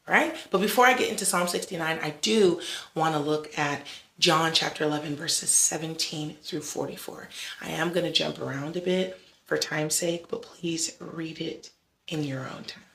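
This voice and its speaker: Devotional vlog host with vocal fry, chatty and easygoing, recorded with a roomy echo. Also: medium pitch, fairly bright tone. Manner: conversational, frequent "like" and "right?". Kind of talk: casual devotional talk.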